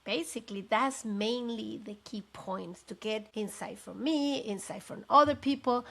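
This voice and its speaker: Woman host, middle-aged, rambling live chat, gravelly fry in the voice. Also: a little high, a little slow. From Mexico. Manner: chatty, rambling, animated with asides. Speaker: podcast host and business consultant. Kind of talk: casual live talk to camera.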